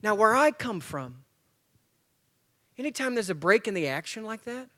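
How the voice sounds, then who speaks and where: At a church men's breakfast, a guest speaker from Tennessee and Georgia tells a story to a live audience in a voice that rides high for a man. Very animated and at normal speed, he acts it out, leaning in with loud bursts before dropping to near-hushed asides.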